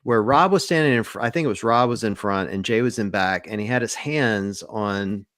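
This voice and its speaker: Low-voiced man telling rambling stories. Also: normal speed, no echo, studio quality. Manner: rambling, relaxed storytelling with many fillers. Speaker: podcast co-host. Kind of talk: casual podcast chat.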